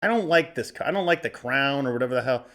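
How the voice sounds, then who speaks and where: A man's voice: medium pitch, expressive, quick pace, vocal fry, fairly bright tone. A man in his forties from Arizona hosting a podcast, riffing through a box of cards in a joking, profane, casual way. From Arizona, USA. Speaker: podcast host. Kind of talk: casual comedic card-opening commentary.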